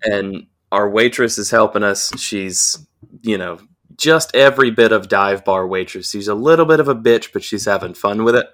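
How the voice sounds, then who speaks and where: A man's voice: fairly low pitch, moderate pace. A young man casually telling a rowdy, profanity-laced story on a podcast. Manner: profane, animated anecdote telling. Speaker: podcast co-host.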